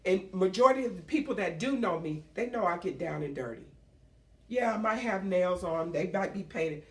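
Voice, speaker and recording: A woman's voice: on the low side, lively intonation, normal speed. A middle-aged woman and small business owner giving an emotional, emphatic public speech, repeating phrases for force. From United States. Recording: roomy echo, speaker far from the mic.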